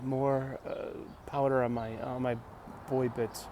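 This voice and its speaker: Man at a bus stop talking off the cuff, halting and joking, over loud traffic noise. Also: medium pitch, little pitch movement. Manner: halting, restarts words, jokey asides. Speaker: vlogger. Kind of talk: casual rambling monologue. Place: outdoors at a bus stop by a street. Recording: busy street noise around the mic. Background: passing traffic.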